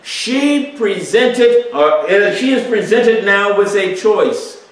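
A male preacher giving an emphatic expository sermon, asking rhetorical questions and swinging between loud and soft. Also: high voice, lively intonation, slow pace. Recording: echoey room, distant mic.

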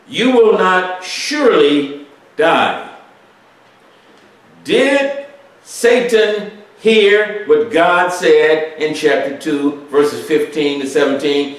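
A male preacher giving an emphatic expository sermon, asking rhetorical questions and swinging between loud and soft. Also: on the high side. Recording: echoey room, distant mic.

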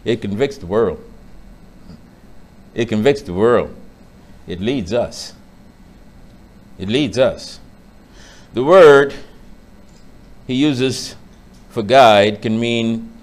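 A man preaching a sermon, reading scripture aloud and then expounding with building emphasis, and dropping to a quieter tone for his stories. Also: fairly low pitch. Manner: drops to a quieter storytelling tone for anecdotes. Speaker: pastor.

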